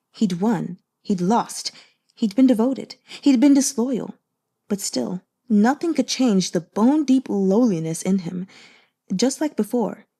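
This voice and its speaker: A woman narrating an audiobook in an emotive, measured storytelling manner. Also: mid-range voice, dark tone.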